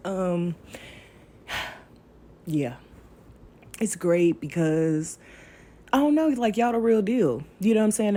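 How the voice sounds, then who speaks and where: A woman's voice: sits low, dark tone. A young adult woman hosting a crafting channel, rambling in a casual voiceover and talking straight to her viewers. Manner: rambling and talkative, addresses viewers directly.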